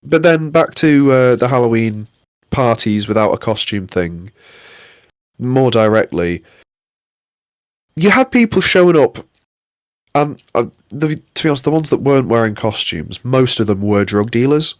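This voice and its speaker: A man's voice: medium pitch, animated, measured pace, no echo, studio quality. Sweary young man ranting. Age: young adult. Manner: sweary, exasperated ranting with mock impressions. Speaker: podcast co-host. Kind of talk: casual ranting chat.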